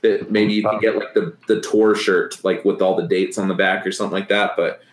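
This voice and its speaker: Low-voiced laughing man, echoey room. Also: flat delivery, a little fast. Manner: laughs often, loose and rambling with many fillers. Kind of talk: casual chat.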